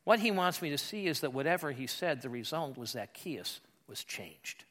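A male pastor delivering a sermon in a slightly high, bright, forceful voice. He tells stories conversationally and often restarts with "and". He moves from hushed asides to loud, emphatic peaks. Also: animated, normal speed.

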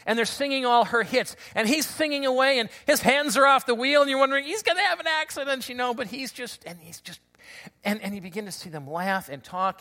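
A pastor with a high-sitting voice delivers a conversational sermon, telling stories full of restarts and animated asides.

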